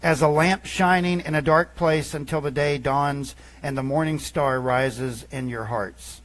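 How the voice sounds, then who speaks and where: Male pastor, sermon delivery, unhurried and emphatic, quotes scripture, drifts off mic at times. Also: fairly high pitch, steady tone, rough recording. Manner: emphatic preaching with quoted scripture, swinging between loud and hushed.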